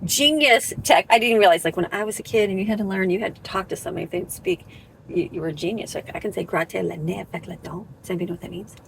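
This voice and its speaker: A woman vlogging about her family in a casual chat, chatty and quick to laugh. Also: mid-range voice, creaky, slight background noise, poor audio. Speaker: vlogger, homeschooling mom. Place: home, then a car. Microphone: camera set on the dashboard.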